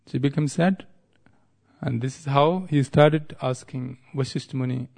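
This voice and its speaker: A man's voice: mid-range voice, normal speed, vocal fry, darkish tone. A man giving a devotional lecture, telling a sacred story in an easygoing way, restating and explaining as he goes and chuckling at his own wordplay. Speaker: spiritual speaker.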